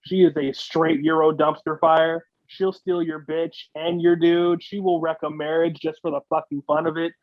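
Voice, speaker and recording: A man's voice: a little high, little pitch movement, normal speed, few pauses, dry recording. A man co-hosting a podcast in casual chat, swearing freely and rambling through comedic riffs. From United States. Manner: profane, rambling, mock-voices. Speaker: podcast co-host. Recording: dull lo-fi dry sound.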